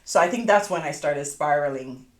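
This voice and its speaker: Animated woman host, echoey room. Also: low voice, normal speed. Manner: animated storyteller, swears casually, reacts loudly. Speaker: podcast host. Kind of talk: casual chat.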